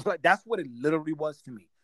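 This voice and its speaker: Fast and a little high-pitched, this forties-aged Guyanese man trades stories in easygoing conversation, laughing, animated, and heavy on street slang. The recording is dry.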